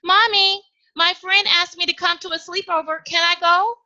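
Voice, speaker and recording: A woman voicing a small, sheltered little girl who pleads and complains in a high voice. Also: steady tone, moderate pace, bright, forceful tone, dull audio, exaggerated voice. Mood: pleading.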